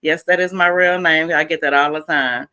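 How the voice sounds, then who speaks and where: A woman's voice: sits low, fairly even intonation, moderate pace, bright, forceful tone, clean tone. A middle-aged woman from Houston, a mental health coach, talking earnestly and casually as a podcast guest with many fillers. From Houston, Texas. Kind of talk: casual interview talk.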